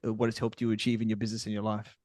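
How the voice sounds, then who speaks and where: A man's voice: on the low side, completely flat delivery, very fast, darkish tone, no echo, clean studio sound. A man hosting a business podcast, affirming and casual with many fillers. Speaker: podcast host. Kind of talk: podcast interview.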